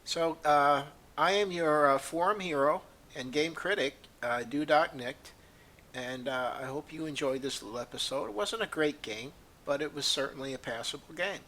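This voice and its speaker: A man's voice: a little high, moderate pace, sharp tone. A man giving casual, rambling gameplay commentary, opinionated and full of fillers and restarts, with the hiccups. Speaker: gaming video creator.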